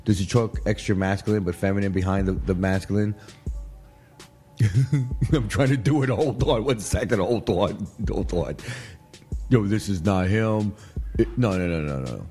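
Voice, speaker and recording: A man's voice: low voice, animated, moderate pace, dark tone. A man hosting a casual gossip chat in a studio, rambling, laughing often and repeating "you know what I mean". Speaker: show host. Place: studio with guests. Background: faint music.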